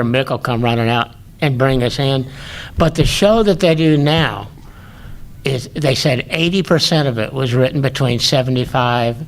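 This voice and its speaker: An older man with a mid-pitched voice, easygoing and unhurried, reminiscing about past tours as an interview guest. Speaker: former rock roadie, guest. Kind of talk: casual interview chat.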